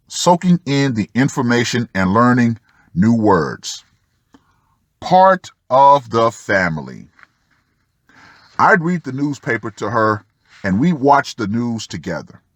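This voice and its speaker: A man's voice: mid-range voice, husky, dry recording. A man reading a first-person article aloud and breaking off for sardonic asides to the listener. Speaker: channel host reading an article.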